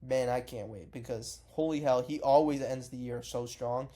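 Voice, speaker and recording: A man's voice: medium pitch, fairly even intonation, normal speed, dark tone. A man casually giving his takes in a vlog, rambling, cursing and correcting himself mid-sentence. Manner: rambling, profane, self-correcting. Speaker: MMA reaction vlogger.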